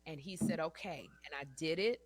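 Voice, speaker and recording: Lively, bright-voiced woman in her fifties. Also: medium pitch, normal speed. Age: 50s. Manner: animated storyteller, acts out quotes, laughs often. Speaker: guest. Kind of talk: casual interview chat.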